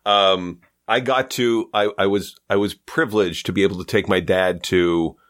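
A man's voice: deep voice, moderate pace. A male comedian from Canada chatting casually, telling stories and acting out quotes. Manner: animated storyteller, acts out quotes. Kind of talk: casual chat.

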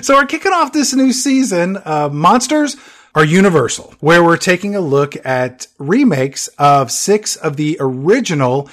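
A man's voice: fairly high pitch, animated, measured pace, fairly bright tone. A man hosting a movie podcast, narrating scripted film history with playful, dramatic emphasis. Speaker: podcast host.

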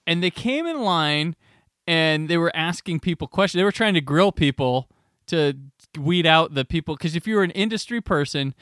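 A man from the American Midwest hosts a podcast and tells stories in an animated, chatty way, laughing often. His voice sits fairly high for a man. The sound is dry and close. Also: normal speed, clean tone, dry recording. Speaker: podcast host. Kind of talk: casual storytelling chat.

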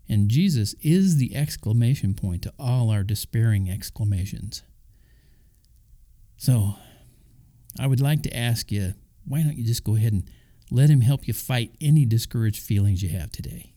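A man's voice: mid-range voice, dark tone. A man hosting a Christian talk, speaking conversationally with casual asides and the odd chuckle. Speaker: Christian podcast host.

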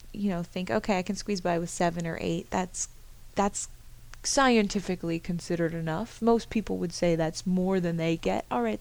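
A woman's voice: mid-range voice, vocal fry. A woman hosting a personal podcast monologue, candid and self-deprecating, often laughing at herself. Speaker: podcast host.

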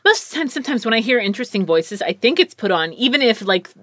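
A bright, lively woman with a slight lisp talks in casual, animated bursts. Her pitch swings widely as she acts out other people's lines. The sound is close and dry. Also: quick pace, no echo. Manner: animated, mimics voices, lots of fillers. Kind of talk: casual chat.

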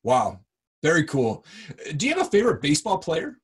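Husky man in his thirties, podcast host, eager interjections, frequent laughs. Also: fairly high pitch, huge pitch swings, fairly quick. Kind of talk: casual interview.

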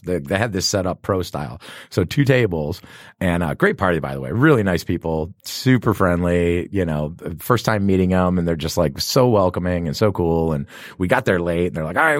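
A man's voice: low voice, no room sound, clean studio sound. A man hosting a podcast, rambling through stories, laughing often and poking fun at himself. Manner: rambling storyteller, laughs often, self-deprecating. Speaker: podcast host. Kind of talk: casual chat.

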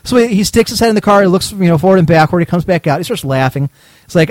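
A man with a slightly raised voice tells a rambling story at an easy, chatty pace. He sounds animated and laughs now and then. The sound is dry and close, with no room around it. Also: sits high, very fast, no echo. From Cleveland, Ohio. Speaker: show host. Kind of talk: casual storytelling chat.

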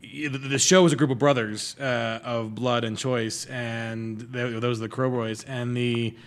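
A man's voice: mid-range voice, fairly even intonation, measured pace. A man hosting a podcast, asking rambling, enthusiastic questions in casual chat. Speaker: podcast host.

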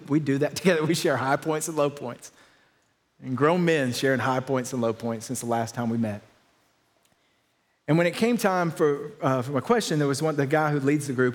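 A middle-aged man, a pastor, preaching a sermon with stories and self-deprecating humor that build to excited peaks. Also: medium pitch.

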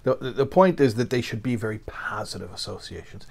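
A man's voice: fairly low pitch, fairly quick, creaky, darkish tone, breathy edge. A man teaching a Torah lesson in a conversational lecture style, with frequent fillers and restarts. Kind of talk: spoken lecture.

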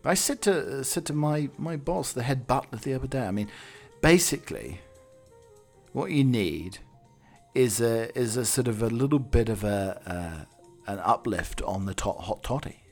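A man's voice: mid-range voice, lively intonation, normal speed, faint music behind. A Scottish man hosting a podcast, rambling through a jokey, musing comic monologue. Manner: jokey, musing, drifts between tangents. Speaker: podcast host.

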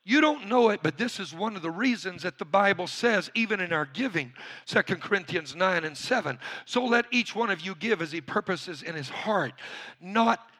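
A middle-aged male pastor preaching a sermon in a church, leading the congregation in call-and-response and rising to shouts. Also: high-pitched, expressive, normal speed.

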